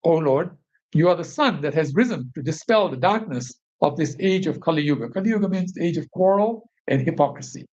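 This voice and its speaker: A man's voice: fairly high pitch, animated, brisk, a little mellow. Man explaining scripture, dull lo-fi sound. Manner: explains each line, often checks in with "right?". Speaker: devotional group leader. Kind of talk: scripture reading with commentary. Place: bridal shop meeting space. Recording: dull lo-fi recording.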